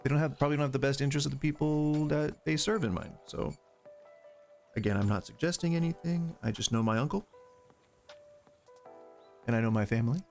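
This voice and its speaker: A man's voice: fairly high pitch, brisk, creaky, long pauses, darkish tone, faint music behind. A man with a light Southern US twang, chatting casually on a live stream, rambling off on wry tangents into a desk microphone. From Southern United States. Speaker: gaming streamer.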